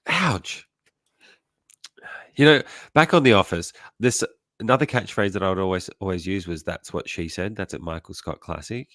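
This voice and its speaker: A man's voice: low-pitched, moderate pace, fairly bright tone, dry recording, studio quality. A man hosting a casual live chat about comedy, sounding congested from a sinus illness, laid-back and laughing often. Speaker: host.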